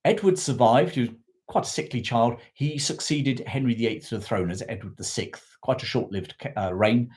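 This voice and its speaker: A man's voice: medium pitch, moderate pace, darkish tone. A man talks history to a live online audience in an unscripted, meandering way. He restarts sentences, corrects his own slips and stops to thank viewers from the chat. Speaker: history livestream host.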